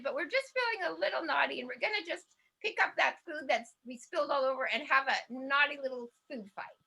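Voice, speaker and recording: A woman's voice: high-pitched, bright, forceful tone. A woman leading a laughter yoga class, bubbly and cheerful, chanting and often laughing. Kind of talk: guided group exercise class.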